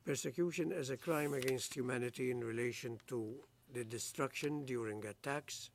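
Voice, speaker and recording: A man, the presiding judge, reading out a formal appeals judgment in a slow, measured legal recitation. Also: medium pitch, slight background noise.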